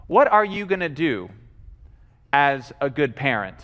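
A man preaching a sermon in a lively, animated way, acting out voices and repeating himself as he builds a point. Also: a little high, measured pace, pauses often. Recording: long hall reverb.

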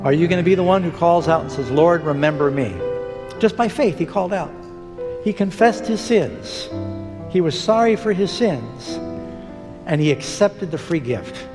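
A man's voice: fairly high pitch, animated, normal speed. A man preaching a sermon in a church, earnestly pleading with the congregation to respond. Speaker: pastor. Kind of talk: sermon with altar call and prayer. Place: church sanctuary. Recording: long hall reverb with music underneath.

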